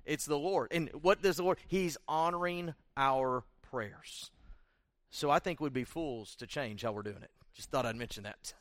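Earnest pastor leading prayer. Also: male voice, on the high side, moderate pace, a bit bright, no echo. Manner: earnest, conversational preaching with some restarts. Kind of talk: church prayer meeting address.

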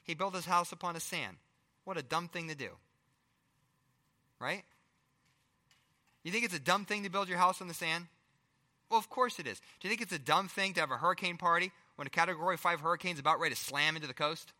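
A middle-aged male pastor preaching a sermon, firing rhetorical questions and swinging between loud emphasis and hushed asides. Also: fairly high pitch, brisk, long pauses, big-room sound.

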